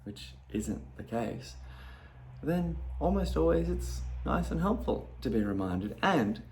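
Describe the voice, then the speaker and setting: A man in a casual talk to camera, calmly explaining, with his voice jumping loud and high when he acts out his own replies. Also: slow. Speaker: video creator talking about ADHD.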